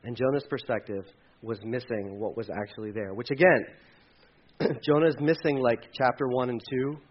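A man preaching a sermon in a conversational, animated way, acting out quoted voices. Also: medium pitch, moderate pace, lo-fi sound. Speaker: pastor.

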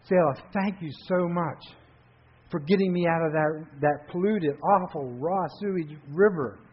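A husky-voiced man preaching, putting on a frightened young man who keeps questioning himself aloud. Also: on the high side, unhurried. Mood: grateful. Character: frightened young man torn about leaving a river. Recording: dull lo-fi recording.

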